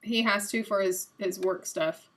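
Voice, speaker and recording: A young adult woman hosting a live stream, chatting casually and guessing out loud while she plays a quiz game, a little self-mocking. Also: mid-range voice, fairly even intonation, unhurried.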